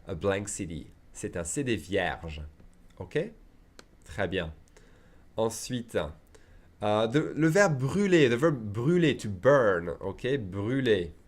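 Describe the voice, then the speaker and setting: A man's voice: fairly low pitch, big pitch swings. Man teaching French, checking in often. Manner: explains with frequent "okay?" and "d'accord?" checks, says French phrases slowly; chatty asides and fillers. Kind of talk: online language lesson.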